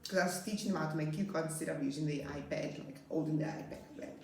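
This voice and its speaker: A woman in her late twenties, a primary school teacher, telling stories about her class in a chatty, expressive way. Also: low-pitched, gravelly, a little hiss or hum. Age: late 20s. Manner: chatty, expressive, drawn-out emphasis. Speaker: grade 2 teacher. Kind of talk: casual storytelling vlog. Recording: roomy echo.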